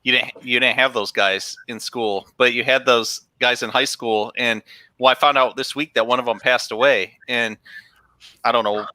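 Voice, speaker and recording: A man in a casual chat, recalling things in a relaxed, wry way. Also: medium pitch, normal speed, dry recording.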